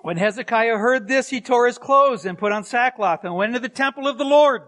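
High-voiced man preaching a sermon. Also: brisk, a bit bright. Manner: storytelling with asides and chuckles. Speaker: pastor.

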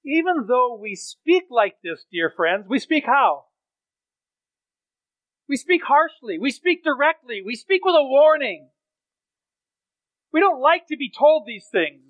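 A man preaching a sermon, swinging from loud emphatic phrases to low quiet asides. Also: big pitch swings, takes it slowly, pauses often, dry recording. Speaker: pastor. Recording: dry, tinny phone-like sound.

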